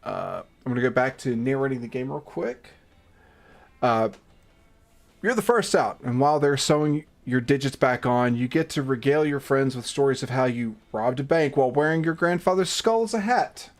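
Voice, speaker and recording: A man's voice: mid-range voice, lively intonation, normal speed, soft background music. A man streaming a game, narrating it with jokes, frequent swearing and theatrical outbursts. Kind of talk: casual live-stream chat and game narration.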